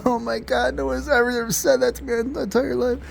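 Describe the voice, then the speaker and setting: Guy putting on a high teary young woman voice, gushing and breathy. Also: flat delivery, quick pace, a little hiss or hum, full character voice. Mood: gushing, tearful. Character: young woman, tearful and overwhelmed.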